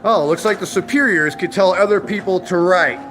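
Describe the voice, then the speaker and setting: A man with a notably high voice presses officials on camera, insistent and needling behind his polite formality. He keeps repeating his demands. Faint music hums in the background. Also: normal speed, a bit bright. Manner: sarcastic, needling. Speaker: activist filming an encounter with officials. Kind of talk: confrontational filmed exchange.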